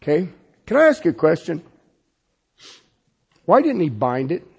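A man preaching a sermon as pastor, swinging from loud insistence to hushed, pleading passages. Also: on the high side, wildly swooping pitch, normal speed, vocal fry, slightly rough.

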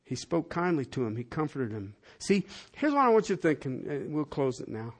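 A man preaching a sermon as a pastor, swinging from loud, rising proclamation to a hushed, soft prayer, in a church hall. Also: a little high, big pitch swings, a little fast.

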